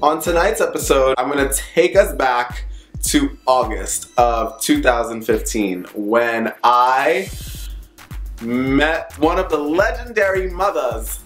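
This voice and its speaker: A sassy young man telling a comic story to camera, animated and profane. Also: medium pitch, slow pace, echoey room, faint music behind. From Brooklyn, USA. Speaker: vlogger host. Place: bathroom.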